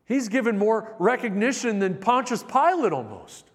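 A man delivers a sermon in a slightly higher-than-usual voice, his words ringing with a long hall reverb. He preaches with animation, swinging from loud emphatic peaks to hushed, personal moments. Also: big pitch swings, moderate pace. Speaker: pastor.

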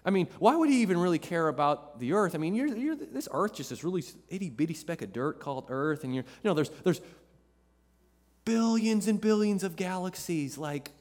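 Male preacher as inner doubt voice, needling questions, raised pitch, hall reverb. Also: animated, moderate pace, darkish tone. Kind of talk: sermon. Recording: long reverb of a large hall.

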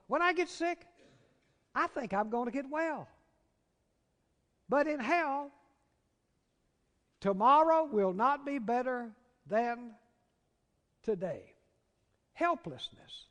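A man with a Southern American accent preaching a sermon, dropping to hushed, drawn-out words and rising to loud, urgent cries. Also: extremely high pitch. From Southern United States. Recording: long reverb of a large hall.

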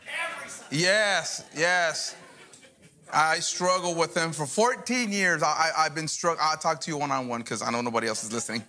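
A middle-aged man preaches a revival sermon in a church. His voice is bright and forceful and sits a little high for a man. He jokes with the crowd and calls out for answers as he preaches. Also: normal speed. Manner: joking, call-and-response preaching. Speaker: guest pastor. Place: church service before a congregation.

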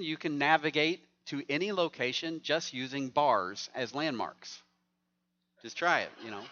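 A man's voice: on the high side, pushed and bright, highs cut off. A man preaching a sermon as pastor, conversational and joking with the congregation.

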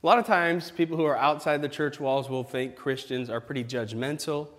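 A man preaching a casual sermon, playful and animated, with exaggerated reactions. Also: medium pitch, brisk, in a large hall. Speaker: pastor.

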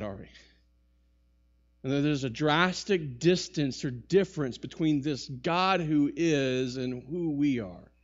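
A man preaching a sermon to a congregation in a church, talking with rising bursts and quick asides. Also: on the high side, highs cut off. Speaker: pastor. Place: church sanctuary.

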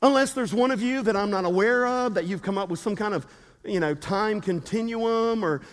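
A man's voice: high-pitched, normal speed. A man preaching a sermon as pastor, with emphatic repetition and call-and-response with his congregation. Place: church sanctuary. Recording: reverberant hall.

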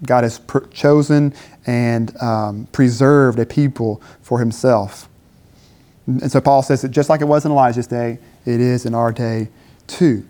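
Man, preacher, conversational sermon, rhetorical questions, middle-pitched voice. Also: steady tone, a little slow, warm tone. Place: campus dinner gathering.

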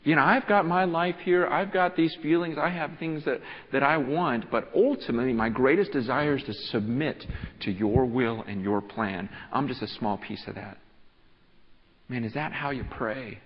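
A male pastor preaching a sermon, moving from hushed reflection to fervent pleading, often restarting phrases. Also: mid-range voice, normal speed. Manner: passionate, builds from hushed to pleading. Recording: dull audio with long hall reverb.

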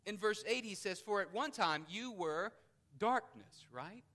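A man's voice: high-pitched, animated, measured pace, bright, forceful tone. A man preaching a sermon as pastor, building emphasis and repeating key phrases.

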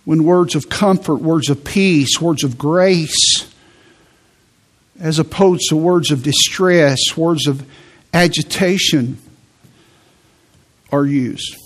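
A man preaching a sermon in a conversational way, repeating words and slowing down for emphasis. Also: on the high side. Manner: conversational preaching with repetitions and slow emphatic phrases. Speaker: pastor.

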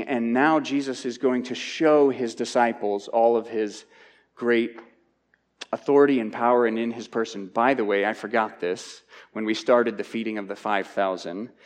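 A man's voice: mid-range voice, darkish tone. A man teaching through a Bible passage in a conversational sermon, often repeating words as he restarts his thoughts. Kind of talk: expository sermon. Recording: long hall reverb.

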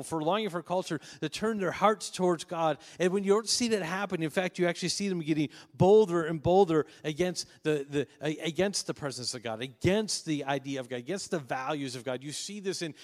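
A man's voice: fairly high pitch, big-room sound. A man preaching a sermon as pastor, earnest and emphatic, often restarting his sentences.

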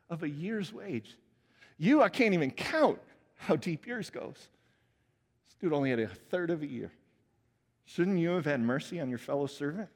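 A man preaching a sermon as pastor, conversational and animated, laughing at his own asides. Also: mid-range voice. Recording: long hall reverb.

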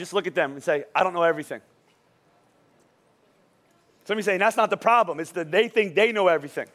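A middle-aged male pastor preaching a lively, joking sermon in church, urging the congregation to repeat lines after him. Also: high voice. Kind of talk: lively sermon with call-and-response. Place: church service before a congregation.

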